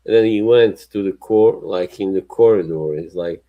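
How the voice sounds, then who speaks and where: A man's voice: low-pitched, normal speed, dark tone, poor audio. A man hosting a livestream in casual chat, rambling and laughing often between remarks. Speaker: livestream host.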